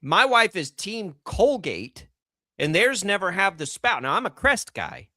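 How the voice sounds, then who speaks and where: A man's voice: high-pitched, sing-song, measured pace, sharp tone, no room sound, clean studio sound. A middle-aged man hosting a sports radio show, ranting incredulously in casual banter.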